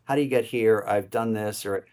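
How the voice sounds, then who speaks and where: A man's voice: on the low side, steady tone, moderate pace, darkish tone. A man who is a Jesuit priest, talking casually as an interview guest, rambling a little with many "you know"s and easy laughs. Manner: laughs easily while talking.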